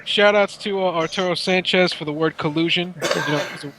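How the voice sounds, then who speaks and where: A man co-hosting a casual gaming podcast, telling stories in an animated, profane way. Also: high voice, brisk, background noise. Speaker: podcast co-host.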